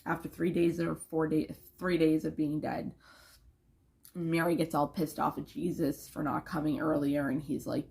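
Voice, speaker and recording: A woman's voice: low-pitched, steady tone, unhurried, creaky, long pauses, a bit bright. A young woman talking casually to camera in a rambling, emphatic vlog, swearing freely.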